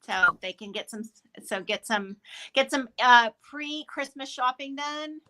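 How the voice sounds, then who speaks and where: Bright-voiced chatty woman. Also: high-pitched, lively intonation, unhurried. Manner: chatty, laughs easily. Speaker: guest, soap maker. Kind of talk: casual chat.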